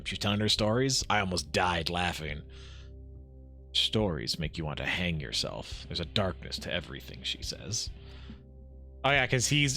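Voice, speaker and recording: Lively man streaming a game. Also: medium pitch. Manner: animated, laughs often, quick asides. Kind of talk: live game playthrough, reading dialogue aloud.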